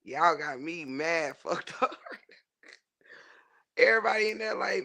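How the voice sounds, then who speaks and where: A man telling a funny story to his chat in a casual, animated way, swearing freely and laughing often. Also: high voice, measured pace, gravelly, long pauses. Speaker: livestream host reading chat.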